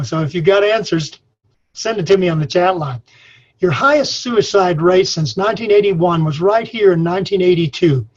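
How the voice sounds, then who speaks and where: A man's voice: high-pitched, slightly rough, highs cut off. An older man from Colorado giving a webinar lesson on farm stress, talking in a folksy storytelling manner. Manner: folksy, storytelling, says y'all. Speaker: extension speaker on farm mental health. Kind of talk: webinar presentation. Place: his office.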